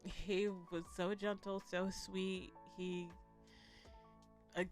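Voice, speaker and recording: A woman giving a blunt, animated, profane commentary in a casual vlog, laughing often. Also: medium pitch, very slow, faint music behind. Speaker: vlogger reviewing a documentary.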